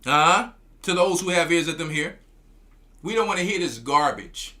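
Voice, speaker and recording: A man's voice: fairly high pitch, expressive, normal speed, bright, forceful tone. A man, a church elder, preaching commentary in a scolding tone, often stumbling and repeating his words.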